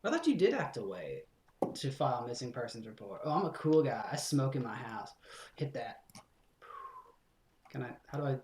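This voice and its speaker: A man's voice: mid-range voice, very animated, normal speed, pauses often, a little mellow, reverberant, slight background noise. A man streaming horror games, rambling through jokes and swearing as he plays. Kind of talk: casual game commentary.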